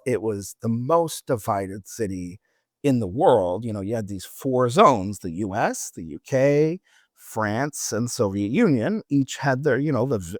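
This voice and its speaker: A man's voice: mid-range voice, no room sound, studio quality. A middle-aged man on a travel podcast, telling rambling anecdotes in casual chat with many restarts.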